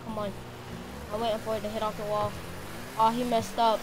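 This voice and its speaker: A woman streaming a car football game live, commenting excitedly and shouting at her teammate. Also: on the high side, fast, noisy background.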